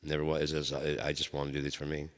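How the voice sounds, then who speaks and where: Host type: a very low-voiced man telling stories in a loose, profane ramble, with a reverb tail. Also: completely flat delivery, fast. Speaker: channel host. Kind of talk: rambling solo talk. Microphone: microphone. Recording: long hall reverb.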